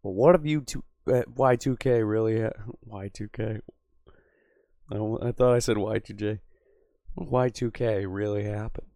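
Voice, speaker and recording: A man's voice: lowish voice, moderate pace, mellow, no room sound, clean studio sound. A man riffing crudely and sarcastically on a livestream, reading chat and tossing in "bro" constantly. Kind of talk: profane casual livestream chat. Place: Boston area.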